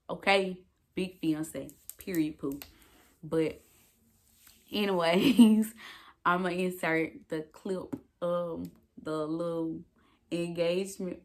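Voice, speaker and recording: A woman in her twenties telling a casual, animated storytime vlog to the camera, swearing freely and calling out to her viewers. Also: lowish voice. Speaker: vlogger.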